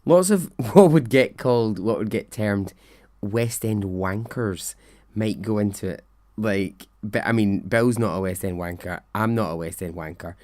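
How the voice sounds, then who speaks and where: A podcast host recounts a story in a rambling, conversational way. His voice sits somewhat low. He drifts into self-deprecating asides before getting back on track. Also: unhurried, darkish tone. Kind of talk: storytelling monologue.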